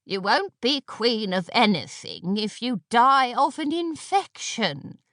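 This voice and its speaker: A woman's voice: fairly high pitch, expressive, fairly bright tone, dry recording, clean studio sound, voice pushed up. A woman doing a wheezing ancient witch. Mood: sly, croaking. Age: very old. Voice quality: rasping, wheezy. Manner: slow, knowing, teasing. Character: ancient wheezing female witch, sly and unhurried. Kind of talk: audiobook character voice.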